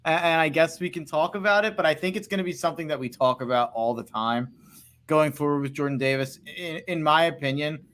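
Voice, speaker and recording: A man's voice: a little high, fairly quick, fairly bright tone. A man co-hosting a sports podcast, talking football in a rambling way with many restarts and hedges. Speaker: podcast co-host. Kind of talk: casual sports talk.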